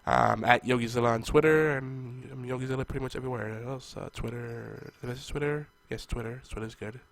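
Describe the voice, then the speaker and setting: A man's voice: medium pitch, fairly even intonation, a little fast, creaky, fairly bright tone, dry recording. Congested man hosting a podcast. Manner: rambling, jokey, loose delivery. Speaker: podcast host. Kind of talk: casual chat. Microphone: monitored podcast mic.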